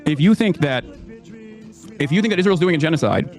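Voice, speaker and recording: A man fires off quick, pointed debate questions at a rapid clip. His voice sits at an ordinary pitch, and faint music plays in the background. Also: animated. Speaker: debate participant.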